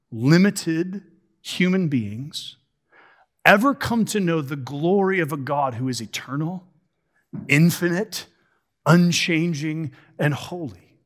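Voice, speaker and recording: A man preaching a sermon, posing rhetorical questions and slowing down to stress key words. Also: fairly high pitch, a bit bright.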